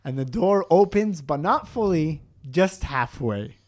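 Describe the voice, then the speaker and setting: A young man casually telling a story on a podcast, animated and full of "like", acting out the voices. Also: a little high, measured pace. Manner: animated, acts out voices, lots of "like".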